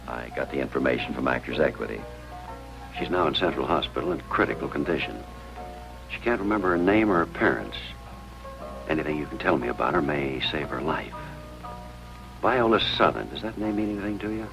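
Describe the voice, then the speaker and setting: Very deep gravelly chaplain, earnest and gentle, old muffled radio with music under. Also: male voice, lively intonation, brisk, heavily acted. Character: earnest male hospital chaplain, gentle, persistent. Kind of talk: 1950s radio drama acting. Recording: dull lo-fi old radio recording.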